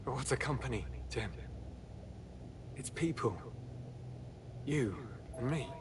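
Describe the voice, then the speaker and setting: A man voicing a weary, guilt-ridden deep-sea worker in a game, answering tersely and emotionally over the radio. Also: animated, slow, background noise. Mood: bitter.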